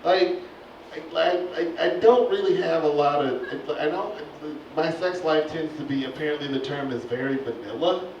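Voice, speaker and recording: Brief: male stand-up comic, fairly high voice, recorded from afar in a roomy club, lo-fi, with laughter and noise behind. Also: moderate pace. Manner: animated, voice jumping high for punchlines. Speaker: stand-up comedian. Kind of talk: stand-up comedy set. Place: comedy club stage. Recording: echoey club, far-off lo-fi recording.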